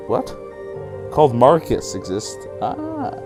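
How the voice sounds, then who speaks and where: A man's voice: lowish voice, moderate pace. A man hosting a game session, reading the game's text aloud and often stumbling and giggling over the words. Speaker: channel host. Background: game music.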